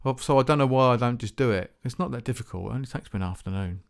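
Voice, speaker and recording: A man's voice: medium pitch, rapid-fire, creaky, smooth. A man hosting a music podcast, rambling casually, often stumbling over his words and swearing offhand. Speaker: podcast host.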